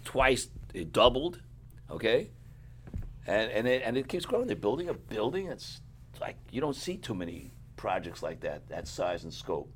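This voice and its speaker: A middle-aged man speaking as a rabbi, giving a sermon to yeshiva students, clearing his throat often, repeating for emphasis, and sounding tired. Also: fairly low pitch, very animated, moderate pace, slight background noise.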